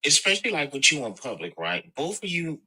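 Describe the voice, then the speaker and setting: A man calling into a live stream panel, chatting in a relaxed, mocking way. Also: fairly high pitch, fairly quick, poor audio. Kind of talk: casual opinion chat.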